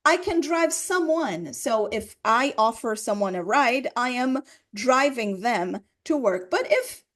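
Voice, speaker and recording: Woman teaching grammar, fairly high. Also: lively intonation, slow pace, fairly bright tone. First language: Portuguese. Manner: explains patiently, repeats examples, checks with "right?". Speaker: English teacher. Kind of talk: grammar lesson explanation.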